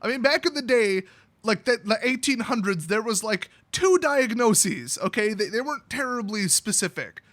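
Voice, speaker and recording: Male channel host, bright and high-pitched, blunt sarcastic ranter. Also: lively intonation, moderate pace. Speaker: YouTube host. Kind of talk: ranting monologue.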